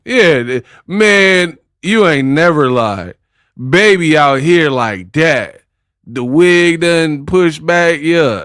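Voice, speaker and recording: A man's voice: fairly high pitch, a bit bright, no room sound, studio quality. A man doing casual live-stream commentary, joking and laughing in slangy banter with his chat.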